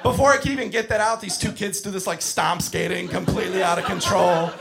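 A man doing stand-up, telling stories in an exasperated tone that breaks into shouted bits. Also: high-pitched, steady tone, brisk, gravelly, over music. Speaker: stand-up comedian, camp counselor. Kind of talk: stand-up comedy. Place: comedy club stage. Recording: live club set with crowd laughter. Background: audience laughing.

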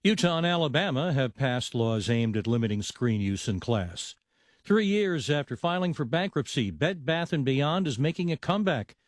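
A male news anchor reading a radio newscast in a crisp, measured delivery. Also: mid-range voice, big pitch swings, dry recording, studio quality.

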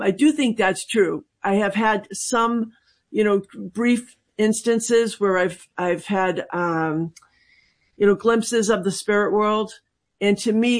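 Appearing on a call-in radio program, a medium speaks in a mid-range voice. Her delivery is hesitant and reflective, full of fillers and false starts.

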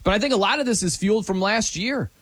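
A man's voice: high voice, fast, a bit bright, breathy edge, no room sound. A man hosting a sports talk radio show, bantering energetically with his co-hosts.

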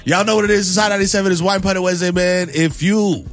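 A man's voice: sits high, fairly even intonation, fast, soft background music. A man hosting a morning radio show in a studio, bantering with lots of laughs and a habit of saying "you know what I'm saying". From Dominican Republic heritage. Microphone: studio microphone.

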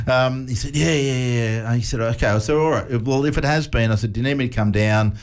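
A man's voice: medium pitch, brisk, clean tone. Australian male radio co-host. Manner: storytelling, laughs often, animated retelling. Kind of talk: casual breakfast radio chat.

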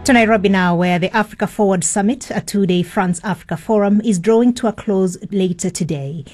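A woman's voice: mid-range voice, brisk, a little mellow, soft background music. A woman news presenter reading a scripted introduction in a formal manner. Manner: crisp, formal scripted delivery.

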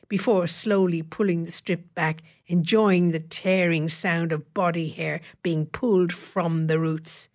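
A woman reads an audiobook with a lowish, steady voice. Her storytelling is measured and wry, leaning into the dry humour. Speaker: narrator. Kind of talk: audiobook narration.

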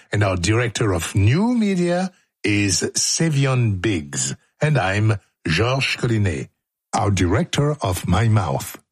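A male radio host reads his lines in a studio and keeps cracking himself up. His voice is husky and it swoops up and down with lively expression. The studio sound is close and dry. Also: medium pitch, dry recording. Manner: jokey, self-mocking, breaks off mid-line. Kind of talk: playful studio outtakes of scripted narration. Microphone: studio microphone.

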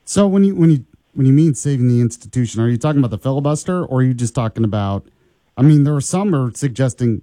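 A man's voice: medium pitch, lively intonation, quick pace, warm tone, no echo. A man hosting a political talk show, chatting and asking follow-up questions. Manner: conversational, asks follow-up questions. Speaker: show host.

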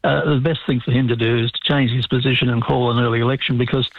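Aussie bloke on a tinny phone line, gravelly husky voice, lots of uhs and ums, blunt. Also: male voice, medium pitch, level tone, dry recording. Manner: halting, many fillers, blunt opinions. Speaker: caller or guest commentator. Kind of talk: casual political chat.

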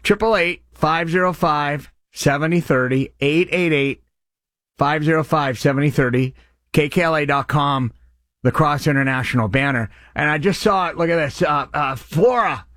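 A middle-aged man hosting a live radio charity appeal, eagerly thanking callers by name and stumbling over his words when excited. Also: a little high, normal speed, dry recording, clean studio sound. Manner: excitable, names donors with loud bursts of enthusiasm; stutters and restarts when excited. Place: radio studio.

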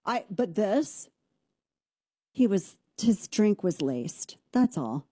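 A woman hosting a talk show, giving a brash, sarcastic and animated opinion monologue. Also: mid-range voice, slow, slightly rough, no echo, studio quality. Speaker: radio talk show host.

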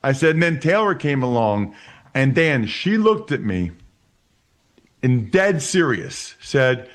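A man in his forties from Pennsylvania, a guest telling stories in a casual chat. He talks in an animated way and often repeats words as he starts sentences. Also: mid-range voice, slow pace. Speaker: interview guest. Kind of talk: casual storytelling.

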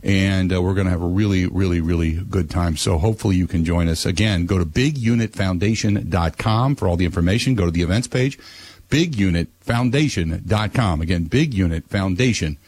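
A man hosting a radio talk show, giving blunt opinions and ranting, his voice climbing high when he gets worked up. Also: brisk, a little mellow, breathy edge.

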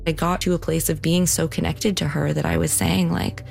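A young adult woman telling a personal story in an earnest, halting way, full of "like" fillers. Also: deep voice, flat delivery, creaky, a little mellow. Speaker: interviewee. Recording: music bed underneath.

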